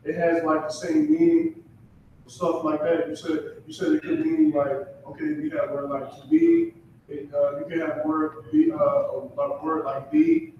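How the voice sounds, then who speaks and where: A male student asking a question in class, halting and searching for his words. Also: big pitch swings, gravelly, warm tone. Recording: echoey, distant, muffled room mic with faint rumble.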